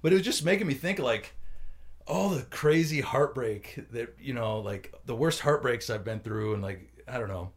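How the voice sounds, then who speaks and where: Talking at a normal speed in a mid-range voice, a man co-hosts an easygoing podcast. He's an animated storyteller who re-enacts what others said.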